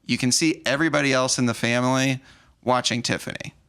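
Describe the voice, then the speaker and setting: A man hosting a podcast, retelling a romance film in an animated, openly sentimental way. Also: mid-range voice, fast, clean tone. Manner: animated storyteller, acts out movie lines. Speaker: podcast host. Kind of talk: casual movie recap chat.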